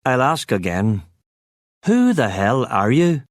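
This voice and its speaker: A man's voice: medium pitch, big pitch swings, moderate pace, breathy edge, dry recording, clean studio sound. A man voicing a blunt, defiant prisoner in an audiobook, speaking curtly. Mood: demanding. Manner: defiant, curt. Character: blunt Belfast man in a jail cell. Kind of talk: audiobook character voice.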